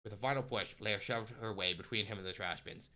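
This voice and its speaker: A man narrating a story aloud on a live stream, steady with small restarts. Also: fairly low pitch, a little fast.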